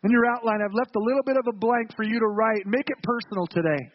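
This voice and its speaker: A high-pitched man preaching a sermon with earnest emphasis, asking the congregation questions and often repeating his words. The recording is a little dull, with a faint hiss behind it. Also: quick pace. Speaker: pastor.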